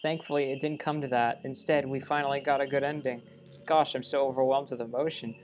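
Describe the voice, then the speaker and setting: A man's voice: mid-range voice, steady tone, fairly quick, a little mellow, close to an everyday voice. Monika, a lovestruck game girl, read by a man. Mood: adoring. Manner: reads character lines in his own voice with small stumbles. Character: lovestruck young woman game character, obsessive. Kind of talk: let's play reading game dialogue aloud.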